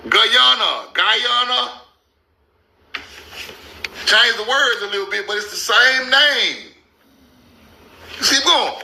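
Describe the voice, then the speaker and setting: A man hosting a casual commentary over maps, loud and incredulous, laughing and swearing, stretching out words slowly for emphasis. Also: extremely high pitch, creaky, slight background noise. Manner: slow, drawn-out emphasis on names. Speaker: host.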